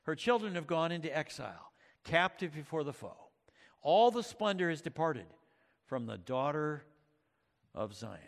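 A man's voice: fairly high pitch, sing-song, normal speed, in a large hall. A male pastor preaching a sermon, reading scripture and retelling stories with dramatic emphasis, with occasional fillers. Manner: uses fillers like uh and um.

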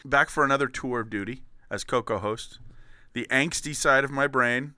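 A man hosts a casual comedy podcast in a bright, forceful voice. He rambles and jokes, piling one silly phrase on top of the next. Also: mid-range voice, normal speed, dry recording. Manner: goofy, rambling, jokey. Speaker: podcast host.

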